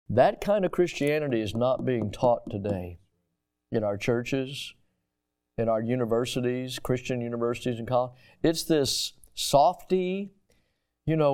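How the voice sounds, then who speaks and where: A male pastor preaching a sermon emphatically, with rhetorical questions and drawn-out pauses. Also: mid-range voice, a little mellow, clear, resonant tone.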